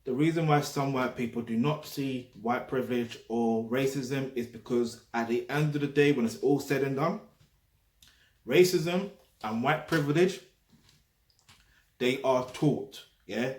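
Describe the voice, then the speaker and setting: Speaking a little slowly in a mid-range, slightly mellow voice, this London-accented man vlogs directly to camera. He's blunt and emphatic, full of tag questions and swearing, and the sound carries a roomy echo.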